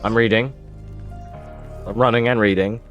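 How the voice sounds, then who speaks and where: A man with a low voice talks through his live game run, mixing tips with banter and laughs for his chat. Quiet music plays under him. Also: steady tone, normal speed, muffled recording. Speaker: streamer. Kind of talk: live gameplay commentary.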